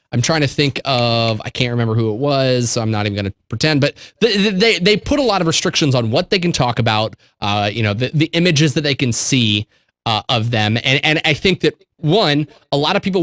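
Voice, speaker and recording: A man co-hosting a late-night call-in show, talking in an easy, middle-pitched voice. He rambles, repeats words and circles back to his point. The studio sound is dry and close. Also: a bit bright, no room sound. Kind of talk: casual chat.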